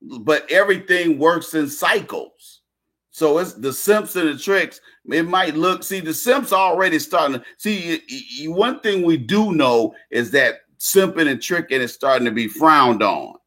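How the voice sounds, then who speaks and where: A man's voice: on the high side, animated, a little slow, a bit bright. A man delivering a casual monologue rant, blunt and slangy, repeating himself and restarting phrases.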